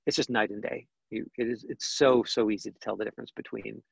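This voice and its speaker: A man's voice: fairly low pitch, fairly even intonation, fast, gravelly, breathy edge, no room sound, low-quality recording. A man teaching acting in an online question-and-answer session, talking conversationally with many fillers and restarts. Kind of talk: online Q&A lesson.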